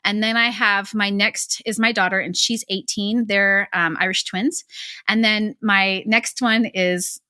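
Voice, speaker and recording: A woman's voice: medium pitch, fairly even intonation, a little slow, bright, forceful tone, no echo, studio quality. A woman in her forties, a guest author on a podcast, chatting energetically with frequent laughs and lots of "like". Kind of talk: casual podcast chat.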